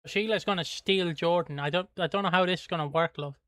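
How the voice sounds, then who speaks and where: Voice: mid-range voice, quick pace, fairly bright tone, no room sound. A British livestream host chatting casually while watching a show, muttering to himself and swearing offhandedly. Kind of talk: casual live-watch commentary.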